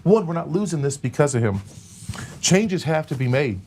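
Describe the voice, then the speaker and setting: Give me a male guest who talks in a halting, casual way, with light background hiss. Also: fairly high pitch, big pitch swings, a little mellow. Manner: halting, many fillers. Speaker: guest, recovery organization leader. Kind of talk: casual interview talk.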